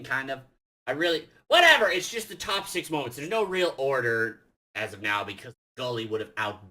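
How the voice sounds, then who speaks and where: A young man with a high voice tells gaming stories in a loose, rambling vlog style. His tone is bright and sharp, and he swears freely and corrects himself. When the story gets exciting he turns loud and laughs. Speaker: gaming vlogger. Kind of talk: casual storytelling.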